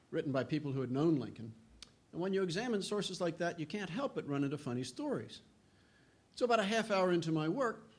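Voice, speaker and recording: An older man, a historian giving a humorous storytelling lecture who often clears his throat and acts out quoted voices. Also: fairly high pitch.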